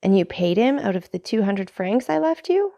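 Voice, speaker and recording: A woman's voice: medium pitch, sing-song, normal speed, creaky, dark tone, voice pushed up. A woman reading aloud, voicing an earnest young male sailor who speaks to his father in an ardent, pleading way, in a storybook.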